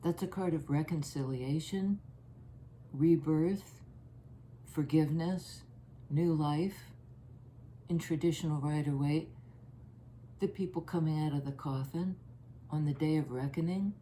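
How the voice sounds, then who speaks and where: Woman doing a tarot reading, low soft voice, kinda thinking out loud, bit of faint hiss behind. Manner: musing, halting, thinking aloud as she turns cards. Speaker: tarot reader.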